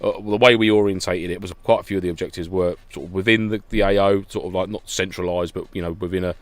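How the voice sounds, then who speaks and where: A man co-hosting a podcast, an animated storyteller who laughs often and acts out what people said. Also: deep voice, fast talker, no echo. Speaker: podcast co-host. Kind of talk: casual podcast chat.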